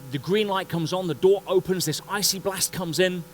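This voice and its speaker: A man giving a motivational talk at a conference, telling a story in an animated way and acting out the scenes. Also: high voice, moderate pace, a little hiss or hum, rough recording. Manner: animated, acts out scenes and voices. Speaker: conference speaker. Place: conference stage before an audience.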